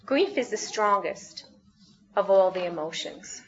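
A woman pastor preaching a sermon, reflective and gentle, often asking the congregation questions. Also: mid-range voice, expressive, unhurried, muffled recording, background noise.

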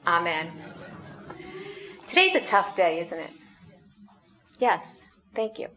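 Woman pastor, sermon, slow unhurried delivery, gentle reflective tone, slightly dull lo-fi sound. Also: lowish voice, big pitch swings, a little hiss or hum. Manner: gentle, reflective, asks the congregation questions.

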